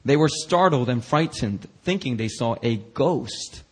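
A man preaching a lively sermon in church, acting out quoted voices with slangy asides and a husky edge. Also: medium pitch, unhurried. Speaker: pastor.

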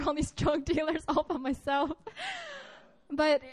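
A woman's voice: high voice, level tone, measured pace, a little hiss or hum. A woman giving a conversational, earnest sermon with a personal story to a group, often restarting her sentences. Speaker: preacher.

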